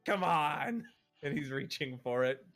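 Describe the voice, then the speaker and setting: A man's voice: a little high, animated, measured pace, fairly bright tone, soft background music. A man narrating as game master for a tabletop game, playfully voicing the characters.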